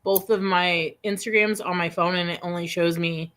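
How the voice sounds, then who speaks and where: A woman in her thirties hosting a casual chat, rambling through a personal story with lots of fillers and restarts. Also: fairly low pitch. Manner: rambling storyteller, animated, quick laughs. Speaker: host.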